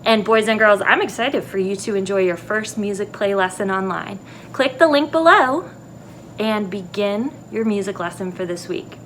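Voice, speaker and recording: A woman music teacher recording a video lesson for young children in an empty classroom, speaking slowly and clearly. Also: mid-range voice, a bit bright, a little hiss or hum. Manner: slow, clear teacher talk to young kids.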